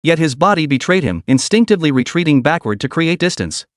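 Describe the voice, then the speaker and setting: A man giving a steady, scripted narration of a fantasy story recap. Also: on the high side, fast talker, few pauses, no echo, studio quality.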